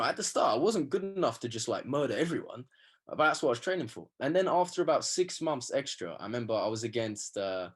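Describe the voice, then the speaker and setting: Husky young man telling stories. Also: mid-range voice. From England. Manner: animated storytelling, slangy, acts out quotes. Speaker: guest. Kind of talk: casual interview chat.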